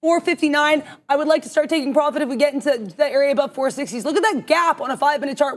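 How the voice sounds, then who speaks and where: A woman calling her trades on a live market stream, excitable and emphatic, half talking to herself. Her voice sits high, and the words tumble out at a rapid clip. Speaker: day trader co-host. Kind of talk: live trading stream commentary.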